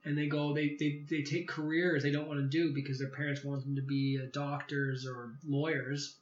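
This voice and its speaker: A man being interviewed, telling a personal story in a casual, animated way and acting out quoted dialogue. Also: on the high side, moderate pace. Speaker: podcast guest. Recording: echoey room, slightly dull sound.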